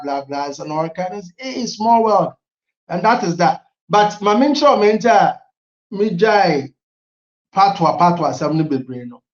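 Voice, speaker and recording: This middle-aged man from Ghana has a fairly high voice and a Ghanaian accent, heard in an echoey room with the high frequencies cut off. Chatting casually as an interview guest, he mixes languages, laughs often, and tells stories with animation.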